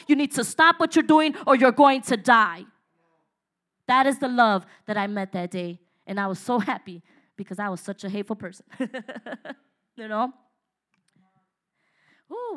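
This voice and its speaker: A woman's voice: mid-range voice, fairly bright tone. A woman preaching a sermon in an emphatic, exhorting way, with laughs and asides to the congregation.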